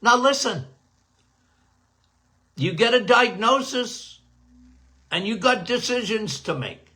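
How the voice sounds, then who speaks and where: Speaking slowly in a very high, expressive and sharp voice, a middle-aged doctor runs a health Q&A podcast. He chats casually, addresses listeners as guys and repeats phrases for emphasis.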